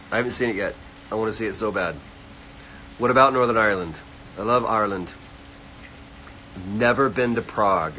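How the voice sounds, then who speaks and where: A man hosting a casual livestream, reading fan comments aloud and answering them quickly. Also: fairly low pitch, bright, forceful tone, slight background noise, low-quality recording. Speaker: livestream host answering chat. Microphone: phone livestream.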